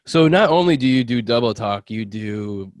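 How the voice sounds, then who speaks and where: A man's voice: medium pitch, lively intonation, no room sound. A man hosting a podcast in casual chat who laughs along with his guest. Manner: easygoing, quick to laugh along. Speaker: podcast host.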